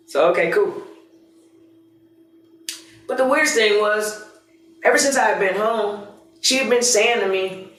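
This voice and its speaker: A high, bright-toned man tells a personal story as a podcast host, swearing freely and running himself down. He sits well back from the mic, and his voice bounces around a very echoey room. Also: normal speed, pauses often, far from the mic. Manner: profane, animated, self-critical. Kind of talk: candid storytelling monologue.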